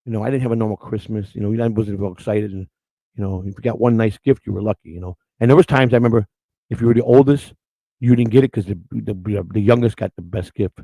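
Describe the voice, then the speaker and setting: Outspoken male co-host, fast and gravelly, spinning casual stories. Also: fairly low pitch, no room sound. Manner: loud, outspoken, animated storyteller. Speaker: morning show co-host. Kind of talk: casual storytelling chat.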